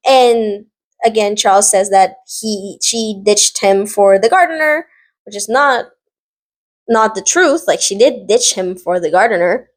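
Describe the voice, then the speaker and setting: A young adult woman vlogger casually recaps a drama series, rambling with lots of fillers and sassy asides. Her voice is medium-pitched and a little slow.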